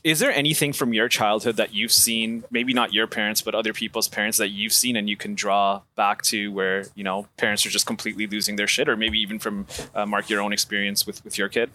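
Bright-voiced podcast host asking questions. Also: male voice, on the low side, steady tone, fairly quick, few pauses. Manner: asks long winding questions. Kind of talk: casual chat.

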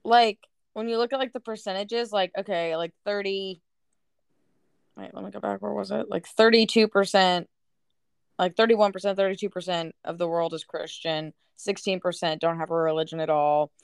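Young female co-host, smooth clear voice, dry close sound, blunt and direct. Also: medium pitch, fairly even intonation, dry recording. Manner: blunt, quick to disagree. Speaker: podcast co-host. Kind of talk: casual chat.

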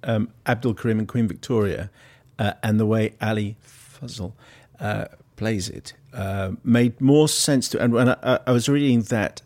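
A man's voice: on the low side, normal speed, darkish tone. A man hosting a radio film show, asking reflective questions of his guests. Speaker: radio host. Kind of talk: radio interview.

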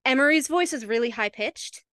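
A young woman co-hosting a podcast in casual chat, animated, swearing freely and mimicking lines in quoted voices. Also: high-pitched, normal speed, no echo, studio quality. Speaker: podcast co-host.

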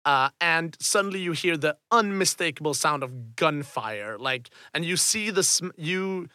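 Bright, clear-voiced man running a game. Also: fairly high pitch, animated, unhurried, no echo, studio quality. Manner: rambling, full of fillers and restarts. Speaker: game master. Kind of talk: narrating a tabletop game.

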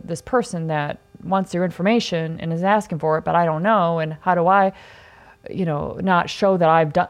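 A woman hosting a podcast, telling stories from a film set in a chatty, rambling way, acting out what people said. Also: sits low. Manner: chatty, rambling with many asides and acted-out quotes. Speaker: podcast host. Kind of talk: casual storytelling.

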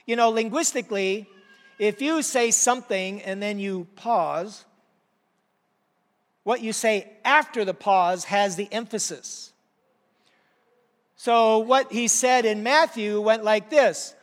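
High-voiced man preaching in a reverberant hall. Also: unhurried. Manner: animated, rhetorical questions, emphatic teaching. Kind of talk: sermon.

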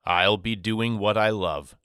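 A man voicing a loving, soft-spoken father talking to his two sons in an audiobook. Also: on the low side, takes it slowly, clean tone, no room sound, clean studio sound. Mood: tender. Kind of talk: audiobook character reading.

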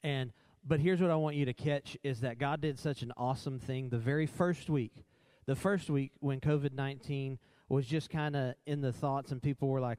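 A man's voice: medium pitch, steady tone, normal speed, a little mellow, clear, resonant tone, no room sound. A man co-hosting a church talk in a worship center, upbeat and affirming with a preacherly style.

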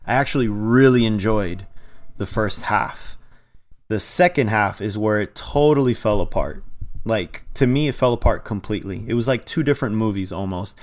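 A man's voice: lowish voice, moderate pace. Easygoing male movie-review co-host. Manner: easygoing, rambling opinions. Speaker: podcast co-host. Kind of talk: casual movie review chat.

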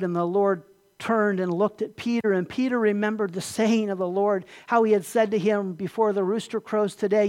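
A man delivering an emphatic sermon as a pastor, often asking his listeners questions. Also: high-pitched. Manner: emphatic, asks the congregation questions.

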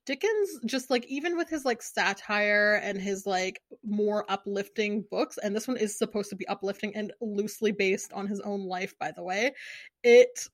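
A woman's voice: mid-range voice, moderate pace, dry recording. Chatty woman, dry close sound. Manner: animated, lots of "like" fillers. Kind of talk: casual chat.

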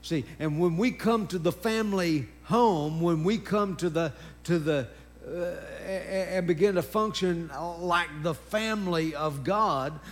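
A man preaching a sermon, emphatic and repetitive, breaking in with praise interjections. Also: high voice. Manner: emphatic, drawn-out preaching with repeated phrases and interjections.

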